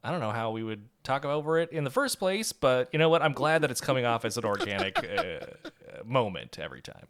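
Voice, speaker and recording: A man's voice: medium pitch, sing-song, brisk, fairly bright tone, clean tone. A man co-hosting a casual podcast chat, rambling and self-mocking with frequent laughs, recorded on a podcast microphone. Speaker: podcast co-host.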